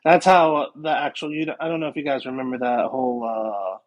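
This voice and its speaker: A man's voice: medium pitch, steady tone, brisk. A man, a guest paranormal investigator, chatting casually on a podcast and rambling with many fillers.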